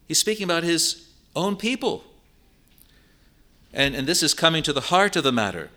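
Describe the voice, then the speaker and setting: A man's voice: fairly high pitch, big pitch swings, bright, forceful tone. A man preaching a sermon, explaining a Bible passage earnestly and driving points home through repetition. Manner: slow, earnest Bible exposition with emphatic repetition.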